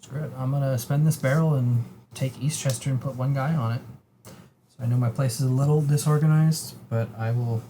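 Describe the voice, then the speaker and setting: A man with a mellow, softened voice walks through his board game turn step by step, slipping in jokes while he counts. A faint hum of the room sits behind him. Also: mid-range voice, fairly even intonation, fairly quick. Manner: narrates his own moves step by step, jokey. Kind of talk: casual tabletop game play.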